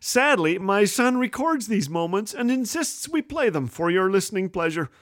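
A man's voice: high-pitched, big pitch swings, normal speed, fairly bright tone, no room sound, studio quality. A middle-aged man hosting a humorous radio devotional, playful and self-mocking, chuckling at his own slips of the tongue. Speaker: radio host.

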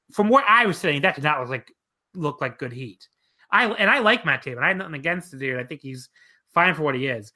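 Bright sharp voice, podcast cohost, swears a lot, says like constantly, laughs thru stories. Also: medium pitch. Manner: profane, animated storytelling with frequent laughter; many filler likes and you-knows. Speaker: podcast co-host. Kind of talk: casual chat.

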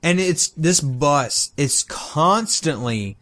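A man's voice: fairly high pitch, expressive, takes it slowly, fairly bright tone. A man co-hosting a podcast in casual chat, retelling cartoon scenes with jokes. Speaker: podcast co-host.

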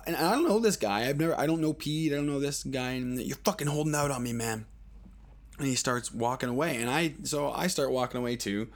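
A man's voice: medium pitch, fairly quick. A man hosting a podcast, telling a rambling, profane story in a casual monologue, full of fillers and acted-out quotes. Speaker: podcast host.

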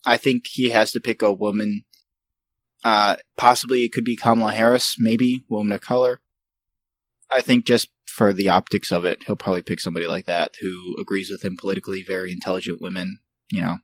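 Man, casual podcast host, lowish voice, dry close sound, easygoing, hedging. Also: steady tone, no echo, rough recording. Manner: easygoing, quick to laugh, hedging. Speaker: podcast host reading news. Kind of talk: casual chat.

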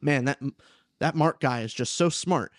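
Speaking unhurriedly at a medium pitch, a young man hosts a casual book podcast in a dry, studio-quality recording. He chats animatedly and slips into voices for the characters he quotes.

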